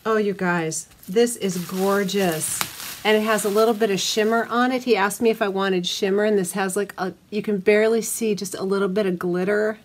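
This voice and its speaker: Excitable woman gushing to camera. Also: medium pitch, quick pace, hardly any pauses, slight background noise. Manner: gushing, excitable, talks to viewers as "you guys". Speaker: soap maker and channel host. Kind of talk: casual unboxing vlog.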